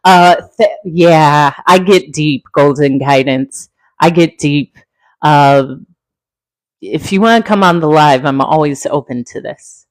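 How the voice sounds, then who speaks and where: A woman's voice: takes it slowly, no room sound, rough recording. A middle-aged woman from Central California, hosting a casual livestream, talking in a heartfelt, reflective way and answering comments. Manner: heartfelt, reflective, wide pitch swings, laughs easily. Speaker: livestream host, former flight attendant.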